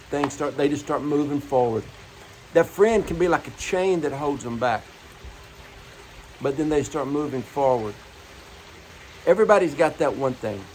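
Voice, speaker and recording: A male preacher giving a morning devotional, speaking earnestly and pressing his main point through repetition. His voice sits a little high for a man, and he weaves personal stories into the message. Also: darkish tone, a little hiss or hum, poor audio. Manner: earnest, repeats key phrases, tells personal stories.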